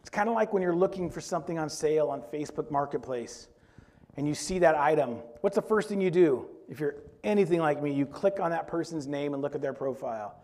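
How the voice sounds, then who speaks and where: A man's voice: a little high, brisk, darkish tone. A man preaching a sermon in a conversational way, often asking the congregation questions. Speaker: pastor.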